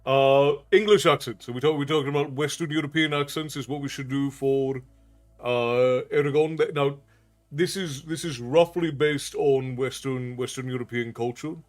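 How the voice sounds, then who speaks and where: A storytelling streamer from Ireland with an unusual accent chats with viewers on a live stream, answering their comments aloud. His medium-pitched voice is steady at a moderate pace.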